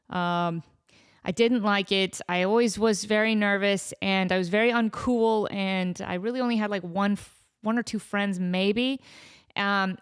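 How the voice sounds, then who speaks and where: A woman, hosting a casual solo podcast. She talks in a chatty, animated way and acts out dialogue with big jumps in pitch. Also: clear, resonant tone. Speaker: podcast host.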